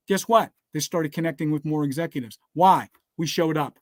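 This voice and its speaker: This is a dry recording, free of echo, of a man with a notably high voice mixing scripture and business success in a motivational speech. He goes at a moderate pace with barely any pauses, pressing listeners to write things down. He keeps saying "all right?" and "guess what."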